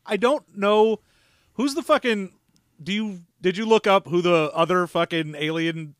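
A man's voice: high voice, unhurried, clear, resonant tone, no echo, studio quality. A man co-hosting a podcast in casual chat, exasperated and swearing, breaking into silly voices. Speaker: podcast co-host.

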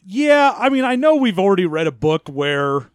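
Man, podcast co-host, excitable, swears, very animated pitch, dry sound. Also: moderate pace, clean tone, no room sound. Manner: excitable, swears freely, slips into silly voices. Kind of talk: casual chat.

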